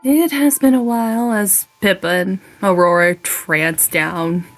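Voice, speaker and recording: A woman playing a character in a tabletop role-playing game, soft-spoken and a bit hesitant. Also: medium pitch, fairly even intonation, measured pace, faint music behind. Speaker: player.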